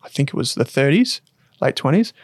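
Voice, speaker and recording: A man's voice: mid-range voice, very animated, brisk, dry recording, studio quality. A man co-hosting an investing podcast in casual, chatty talk with loose fillers. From Australia. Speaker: podcast co-host. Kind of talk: casual chat.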